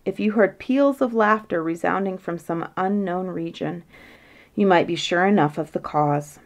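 A woman's voice: fairly low pitch, normal speed. Woman reading a bedtime story.

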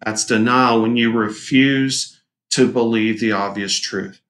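A man's voice: mid-range voice, steady tone, slow, fairly bright tone, roomy sound. A man teaching a lesson in a casual, joking way, often acting out quoted lines. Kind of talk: recorded classroom lecture.

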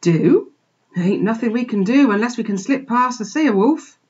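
A woman's voice: on the high side, expressive, normal speed, darkish tone, slightly rough, lo-fi sound, pitched above the performer's own voice. A woman doing an old rustic country ewe. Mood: worried. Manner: rustic country dialect, puffing.

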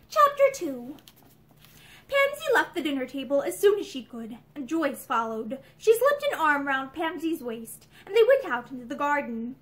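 A young woman reads an old novel aloud in an expressive, animated way. Her voice is high and moves through a wide melodic range. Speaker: audiobook reader. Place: indoor room with bookshelves.

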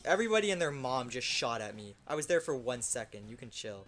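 Excitable young man on gameplay commentary. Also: medium pitch, fast talker, few pauses, a little hiss or hum. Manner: excitable, swears, shouts at wins and losses. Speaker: gaming YouTuber.

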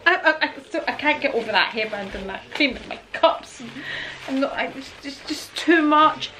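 A woman in her fifties unboxing gifts on her vlog, gushing and stammering with excitement, repeating her exclamations. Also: high voice, normal speed, slight background noise, rough recording. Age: 50s. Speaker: vlogger.

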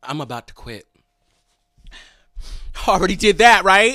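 A young man chatting on a livestream in a dramatic, animated way, talking straight to his viewers. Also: very high-pitched, moderate pace, pauses often. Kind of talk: casual livestream chat.

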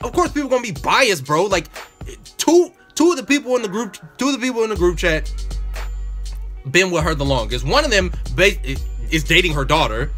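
High, lively man venting. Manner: profane, exasperated venting with slang. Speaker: vlogger. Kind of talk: casual storytelling rant.

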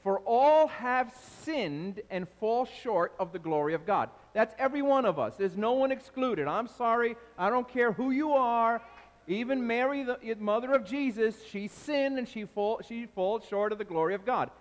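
A man preaching a sermon from the pulpit, animated and calling out to his congregation with questions. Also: very high-pitched, normal speed, in a large hall. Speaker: pastor. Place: large church hall.

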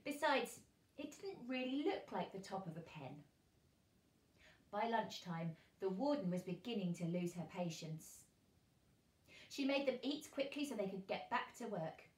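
A woman teacher reads a children's chapter book aloud with expressive, animated narration. Her voice sits at a middle pitch and sounds a little roomy, as if recorded in an echoey space at home. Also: unhurried. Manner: expressive reading, lively character voices. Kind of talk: storybook read-aloud for children.

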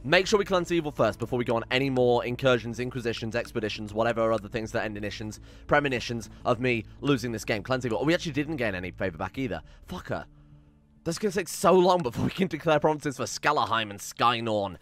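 A man's voice: medium pitch, animated, fast talker, fairly bright tone. A man giving rambling, swearing let's-play commentary on a strategy game and reading out its event text with drama. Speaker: gaming channel host.

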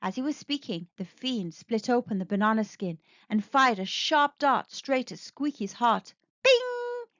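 A woman reads a children's storybook aloud with lively expression and a fairly high voice. The recording is dry and close but slightly dull and lo-fi. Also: normal speed, hardly any pauses, no echo. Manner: expressive, animated.

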